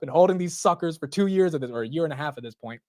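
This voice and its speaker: A man in his twenties hosting a casual live market stream, rambling and excitable, often saying bro and dude. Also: on the high side, rapid-fire, no room sound. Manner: rambling with frequent restarts. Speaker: stock market livestream host.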